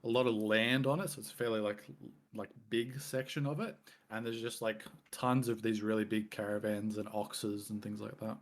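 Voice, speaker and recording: A man narrating as game master, describing scenes in a relaxed, loose way. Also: lowish voice, moderate pace. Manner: relaxed, loose, many fillers.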